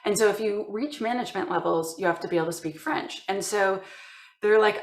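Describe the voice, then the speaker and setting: Canadian woman, interview guest, mid-pitched, animated storyteller, roomy echo. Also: brisk. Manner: animated storytelling, acting out quoted voices. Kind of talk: casual interview chat.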